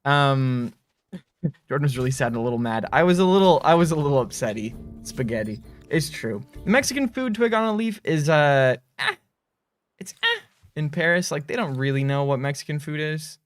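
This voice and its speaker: A man's voice: a little high, moderate pace, smooth, faint music behind. Rambling man on a livestream. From United States. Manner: rambling, animated storyteller. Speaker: livestream host for a game studio. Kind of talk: casual livestream chat.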